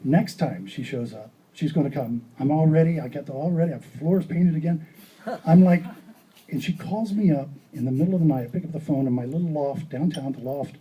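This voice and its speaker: A man giving an art talk, telling stories in a rambling, animated way and acting out dialogue. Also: a little high, fairly quick, slightly rough, highs cut off. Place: gallery or hall.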